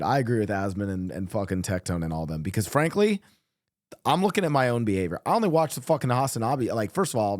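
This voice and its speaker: A man's voice: lowish voice, no room sound, clean studio sound. A man chatting casually on a stream as co-streamer, emphatic and swearing a lot.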